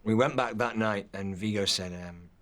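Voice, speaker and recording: A man with a fairly low voice tells behind-the-scenes stories in a documentary interview. He speaks easily and anecdotally. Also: moderate pace, a bit bright. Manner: storytelling, mimics others in quotes.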